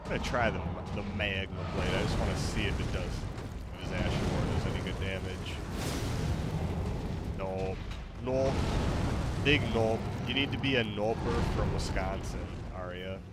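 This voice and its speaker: Chill guy gaming, kinda low voice, jokey, game booming behind him. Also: steady tone, fairly quick, heavy background noise. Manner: laid-back, joking, rambling. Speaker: gamer streamer. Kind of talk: casual gameplay chat. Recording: loud game sounds behind.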